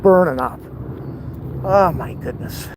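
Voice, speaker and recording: Breathless man, walking vlog, slightly high, chatty and exclaiming, street noise behind. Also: slow. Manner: chatty, rambling, exclaims often. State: out of breath, overheated. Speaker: vlogger. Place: outdoors on a city street near an airport. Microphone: camera held while walking.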